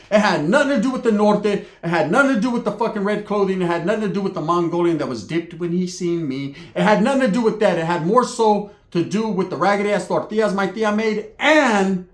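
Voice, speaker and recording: A man's voice: high voice, expressive, quick pace, few pauses, roomy sound. A man telling a comic story in a profane, slangy way, acting out other people's voices. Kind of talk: comedic storytelling monologue.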